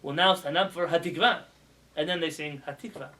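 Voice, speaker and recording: A man, a rabbi, giving a casual spoken lesson to students, animated and asking them questions as he goes. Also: fairly high pitch, fairly quick, a little hiss or hum, rough recording. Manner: animated, demonstrates pronunciations with raised voice; asks students questions as he teaches. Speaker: rabbi teaching a class. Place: classroom with students.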